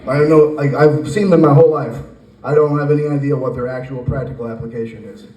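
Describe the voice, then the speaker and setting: A man in his forties doing a stand-up comedy set, telling a rambling story with animated acted voices. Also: medium pitch, quick pace, dull audio. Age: 40s. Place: brewery stage with live audience. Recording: roomy echo, from a distance.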